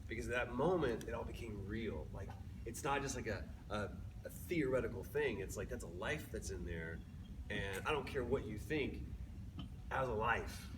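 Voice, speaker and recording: A man's voice: medium pitch, expressive, moderate pace. A man in his early forties speaking to a live convention audience, jokey and then earnest. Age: early 40s. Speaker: convention panel guest. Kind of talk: live panel talk to an audience. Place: large convention hall. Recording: distant mic in a noisy hall.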